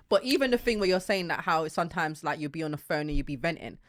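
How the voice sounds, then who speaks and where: A young woman with a low, soft-spoken voice co-hosts a casual podcast chat. She talks reflectively and often trails off mid-thought. The recording is dry and close. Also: a little fast, no echo. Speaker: podcast co-host.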